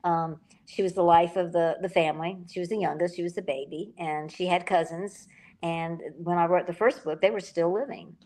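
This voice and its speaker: Low gravelly older woman. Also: fairly even intonation, normal speed, darkish tone. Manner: rambling, emotional, self-correcting. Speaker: author and interview guest. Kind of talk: casual interview talk.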